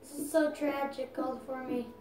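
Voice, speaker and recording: A woman giving casual commentary while playing a video game, talking to viewers and crying out loudly at setbacks. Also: high-pitched, steady tone, normal speed, distant mic. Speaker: gaming video creator. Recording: roomy sound, voice off-mic, music behind.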